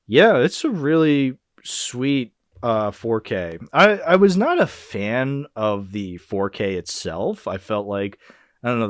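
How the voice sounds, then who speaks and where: Young man, podcast host, low voice, dry close sound, casual chat, sarcastic. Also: no room sound. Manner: laughs often, sarcastic asides.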